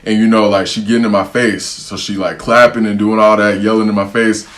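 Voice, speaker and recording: A young man telling a story to camera in a casual, slangy, animated way, acting out what people said. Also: fairly low pitch, brisk. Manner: animated, slangy storytelling, repeatedly saying "bro", acting out quotes.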